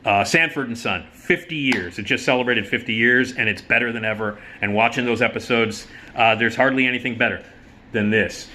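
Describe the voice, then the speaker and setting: A middle-aged man hosting a casual chat, rambling and enthusiastic, swearing freely and filling pauses with lots of ums and uhs. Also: mid-range voice, sharp tone. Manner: rambling, enthusiastic, profane, many fillers. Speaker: host.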